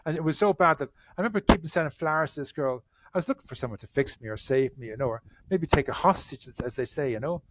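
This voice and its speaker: Earnest man, halting restarts. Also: fairly high pitch, heavy background noise. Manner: earnest, repeats words when starting sentences. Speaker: therapist, podcast guest. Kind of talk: conversational interview answers.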